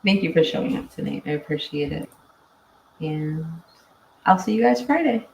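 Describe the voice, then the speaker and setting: A woman's voice: deep voice, lively intonation, moderate pace, creaky, darkish tone, slight background noise. A woman hosting a casual livestream, chatting and reading viewer comments with frequent laughs. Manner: chatty, laughs often, tired and winding down. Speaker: livestream host. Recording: echoey room, mic at a distance.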